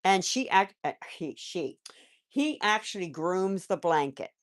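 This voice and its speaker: A woman hosting a live stream about her pet rabbits, chatting casually and talking softly to the animals. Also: fairly low pitch, expressive, unhurried. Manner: chatty, rambling, with restarts; soft baby-talk to pets, often away from the mic. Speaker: pet channel host.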